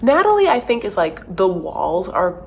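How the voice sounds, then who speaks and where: A woman's voice: mid-range voice, wildly swooping pitch, normal speed, vocal fry, a little mellow, a little hiss or hum. A woman recapping reality TV in a sassy, gossipy manner, tossing in "honey" as she dishes. Her tone is chatty and opinionated, and she talks straight into a desk mic. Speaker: TV recap commentator. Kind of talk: casual recap commentary.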